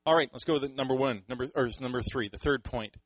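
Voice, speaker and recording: A Canadian man preaching a sermon in a conversational, animated way, often acting out what people say. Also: medium pitch, quick pace, no room sound, rough recording. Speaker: pastor.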